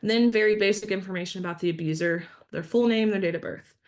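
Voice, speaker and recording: A woman's voice: medium pitch, fast talker, a little mellow. A woman leads an online training session over a video call. She walks her audience through each step in a friendly, instructive manner and calls them y'all.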